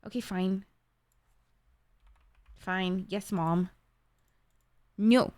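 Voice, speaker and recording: A woman's voice: mid-range voice, steady tone, drawn-out words, darkish tone, no room sound. A young woman streamer chatting casually with her viewers, emotional and swearing freely. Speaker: live streamer.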